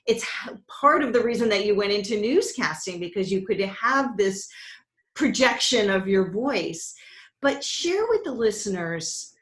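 Woman host asking questions, admiring tone, echoey room. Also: medium pitch. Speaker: podcast host. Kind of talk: interview questions. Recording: roomy echo.

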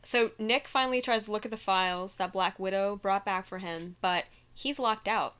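A woman's voice: medium pitch, normal speed, a bit bright. A woman co-hosting a casual podcast, recapping a film with enthusiasm, laughing and swearing freely. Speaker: podcast co-host.

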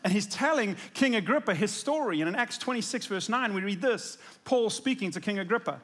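A man's voice: sits high, animated, brisk, few pauses, fairly bright tone. A man preaching a sermon, telling the story in a casual, conversational way and acting out the quotes. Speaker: pastor.

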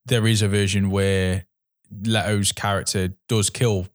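Low-voiced man, measured and thoughtful. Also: little pitch movement. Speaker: podcast co-host. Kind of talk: casual film chat.

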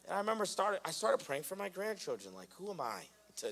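A man preaching in a church sanctuary, his voice sitting a little high. He talks in a loose, self-mocking way, then builds into loud, animated preaching. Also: fairly quick. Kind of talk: sermon.

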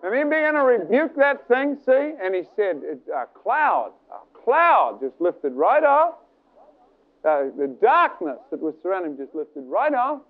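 A man preaching a sermon, telling a story with animated delivery and acting out the voices in it. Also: high-pitched. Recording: tinny phone-like sound.

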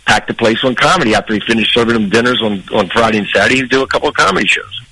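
A man's voice: mid-range voice, rapid-fire, slight background noise, rough recording. An older man, a comedian guest on a podcast, telling a long anecdote and acting out the people in it. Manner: animated, acts out people in his anecdotes. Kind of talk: storytelling on a podcast.

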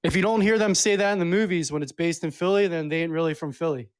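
A man's voice: on the high side, quick pace, smooth. A man with a Philadelphia accent co-hosting a wrestling podcast in loose, slangy banter. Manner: laid-back slangy banter. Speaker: podcast co-host. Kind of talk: casual wrestling chat.

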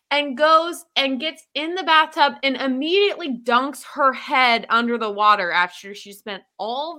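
A woman's voice: on the high side, bright, forceful tone. A woman co-hosting a podcast, picking apart a film with incredulous, mocking commentary. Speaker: podcast co-host. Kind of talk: casual film chat.

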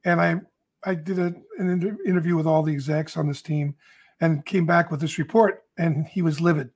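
A man's voice: on the high side, fairly even intonation, a little fast, husky. A man consultant on a podcast, telling a long client story and acting out both sides of the dialogue. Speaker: leadership consultant.

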